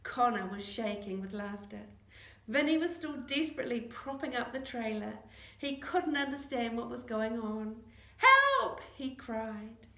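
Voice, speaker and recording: A woman narrating a children's chapter book, acting out the dialogue in lively voices. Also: fairly high pitch, moderate pace. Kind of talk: audiobook reading. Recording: echoey room.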